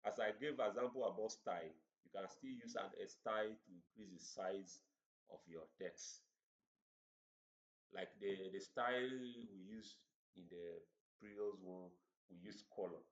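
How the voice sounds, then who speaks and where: Halting man teaching code. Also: on the low side. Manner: halting, repeats words while explaining. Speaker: coding instructor. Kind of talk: screen-share coding tutorial. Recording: roomy, dull lo-fi recording.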